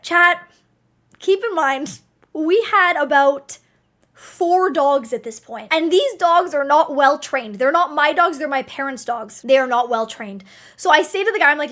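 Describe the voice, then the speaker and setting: A young woman talks straight to her stream chat, telling a story in a loose, casual way. Her voice sits very high, and her delivery is animated, with plenty of swearing. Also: a little slow.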